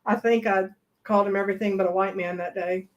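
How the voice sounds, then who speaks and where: A middle-aged woman co-hosting a travel live stream, telling stories in a lively, animated way and acting out the people she quotes. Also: quick pace, dull audio. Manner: animated, acts out quoted voices with big pitch jumps. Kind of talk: casual storytelling chat.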